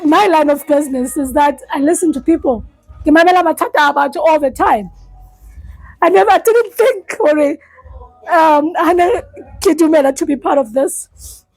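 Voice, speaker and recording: A South African woman, a life coach, giving an earnest, halting personal testimony in a support session and often repeating herself. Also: high voice, darkish tone, no echo, low-quality recording.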